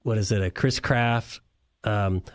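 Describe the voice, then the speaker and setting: A man's voice: fairly low pitch, fairly even intonation, unhurried. A man co-hosting a car radio show as the mechanic, telling long rambling stories in a casual chat and chuckling often.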